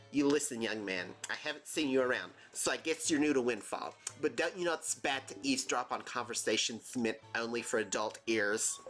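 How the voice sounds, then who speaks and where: A man's voice: fairly high pitch, a bit bright, pitched above the performer's own voice. A man voicing a haughty female schoolteacher who scolds a child condescendingly. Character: bossy, haughty schoolteacher woman.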